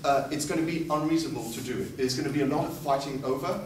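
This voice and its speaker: A man's voice: medium pitch, fairly even intonation, very fast. A man giving a formal competitive debate speech, full of sarcastic, ironic jabs. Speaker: debate speaker. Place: debate hall. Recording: echoey hall from far off with noise.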